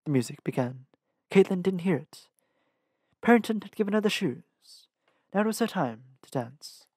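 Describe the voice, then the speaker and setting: A man reading a fantasy novel aloud as a fan audiobook, steady with occasional self-corrections. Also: high voice, normal speed, breathy edge, no echo, clean studio sound. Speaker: audiobook reader.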